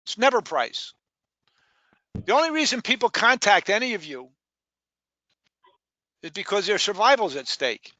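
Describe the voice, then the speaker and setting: A man leading a sales training session in a lively, emphatic way, repeating key points and questioning his trainees. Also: high-pitched, moderate pace, pauses often, no room sound.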